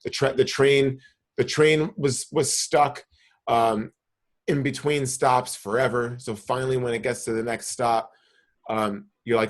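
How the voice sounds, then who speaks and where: A man's voice: mid-range voice, steady tone, measured pace. A young man from the New York area telling a long profane story in casual podcast chat, full of restarts and "bro". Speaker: podcast co-host.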